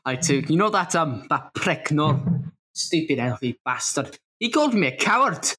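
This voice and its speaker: A brash, hot-tempered dwarf fighter, as a man plays him at the game table, with a husky, rough-edged voice that swings up and down wildly. He talks gruffly and swears freely, all bluster and bravado. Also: a little high, sing-song, normal speed, sharp tone, voice pushed down, full character voice. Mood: boastful, angry. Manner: gruff, boastful, swears a lot. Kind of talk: tabletop role-play in character.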